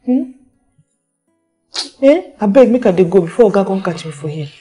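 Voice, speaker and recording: A woman's voice: mid-range voice, expressive, normal speed, mellow, slightly rough, faint music behind. A woman with a Nigerian Pidgin accent playing a teasing, meddling female house help who scolds sharply and coaxes sweetly. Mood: hurried. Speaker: actress in a Nollywood film.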